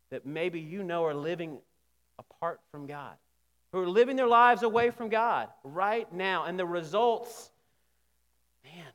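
A man with a notably high-pitched voice gives a sermon in a conversational style. He keeps restarting his phrases and pushes up into sudden emphatic rises. His voice rings out with a long reverb, as if he is in a big sanctuary. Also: fairly bright tone. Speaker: pastor.

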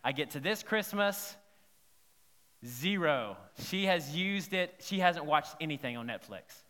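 A pastor preaches in a church sanctuary with a bright, slightly high voice that rings in the long reverb of the large hall. Unhurried, lively, and conversational, he frequently checks whether the congregation is following him.

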